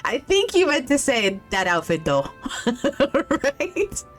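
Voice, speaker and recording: A woman streams her game with loose, profane commentary and frequent laughter. She stops to read characters' lines aloud. Her voice sits a little high, with faint game music underneath. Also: big pitch swings, slow pace. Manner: swears a lot and laughs often; reads game dialogue aloud. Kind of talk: casual gameplay commentary.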